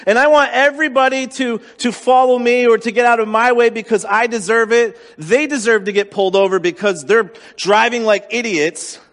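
Candid pastor preaching in a reverberant hall. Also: male voice, very high voice, fairly even intonation, normal speed, hardly any pauses, a bit bright. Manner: candid, self-deprecating, conversational. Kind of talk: sermon.

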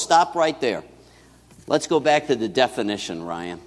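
A male pastor delivering a sermon to his congregation in a lively, chatty style, often turning to the crowd with asides. His voice sits at a middle pitch and trails off into the long echo of a church hall. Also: a little slow.

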